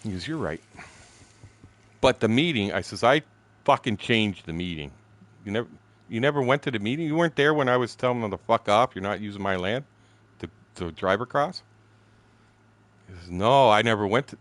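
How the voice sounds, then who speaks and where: A Canadian man in his sixties spins a story between game moments, swearing freely and laughing at his own lines. His voice sits low but leaps around with lively pitch swings. The sound is dry and close, with no room echo. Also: moderate pace, pauses often. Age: 60s. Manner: profane, blunt, laughing storyteller. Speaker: streamer telling a story. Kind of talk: casual storytelling chat.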